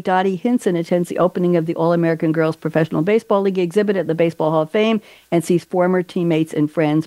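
Woman panel host, lower voice, playful asides, dry close recording. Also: dark tone, no room sound. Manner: chatty and playful, with joking asides. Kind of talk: casual moderated panel talk.

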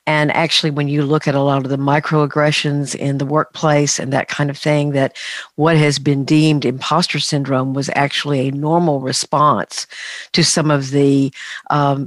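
Measured woman psychologist, dry sound. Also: deep voice, no room sound. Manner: measured, explanatory, clinical vocabulary. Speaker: psychologist guest. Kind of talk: conversational interview.

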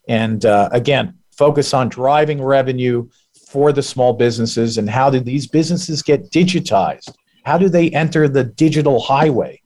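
A man speaking as a guest on a panel, explaining his company's service in a steady business pitch with frequent fillers. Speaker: guest executive. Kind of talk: casual panel talk.

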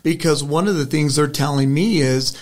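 A man's voice: on the high side, moderate pace, a little mellow. A middle-aged man, a political candidate, answering an interview question in an earnest, rambling storytelling way with frequent restarts. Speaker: state senate candidate.

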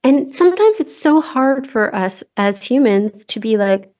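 A woman's voice: on the high side, animated, unhurried, a little mellow. A woman hosting a podcast, talking casually and rambling a little, with frequent restarts and fillers. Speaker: podcast host. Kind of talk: casual conversational interview.

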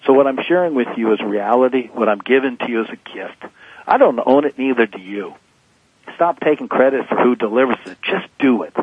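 Man in his fifties, preachy motivational speaker, husky voice, tinny phone line, dry. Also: medium pitch, animated, fairly quick, dry recording. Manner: emphatic, preachy motivational delivery. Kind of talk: phone-in radio interview.

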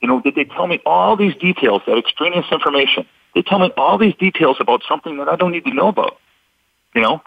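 A man with a husky, slightly breathy voice talks through examples in a steady, instructive way. The sound is dry and close, with the muffled, dull tone of a lo-fi radio broadcast. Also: fairly high pitch, fast, dry recording. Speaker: deception expert guest. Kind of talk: explanatory radio talk.

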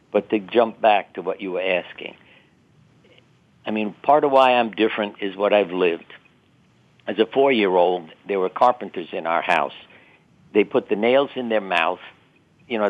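An older man recounts personal experiences in a relaxed, reflective interview manner, now and then laughing at himself. His voice sits very low. The sound is narrow and tinny, like a telephone call. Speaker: guest. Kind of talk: interview storytelling. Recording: tinny phone-line sound.

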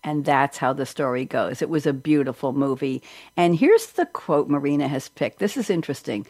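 Lively New York woman hosting. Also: sits low, normal speed, no echo. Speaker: host. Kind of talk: lively radio chat.

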